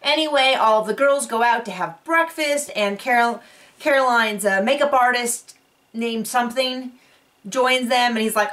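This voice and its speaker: A woman's voice: on the high side, normal speed, a bit bright, distant mic. Chatty woman recapping a reality show. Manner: chatty, rambling with asides. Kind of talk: casual chat recap. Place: home on a cattle ranch. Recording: voice set back from the mic.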